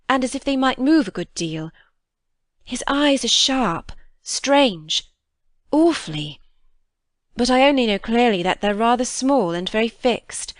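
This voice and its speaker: An intense young governess lays out her account urgently, stroke by stroke, as a woman reads her lines. The telling is unhurried, and her pitch moves a lot, recorded close and dry. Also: dry recording. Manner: urgent, vivid describing. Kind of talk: audiobook reading.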